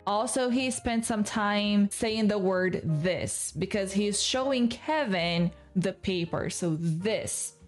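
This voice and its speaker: A woman teaching an English lesson, taking her explanations apart step by step and repeating the key words patiently. Her voice sits at a middle pitch, with soft music faintly underneath.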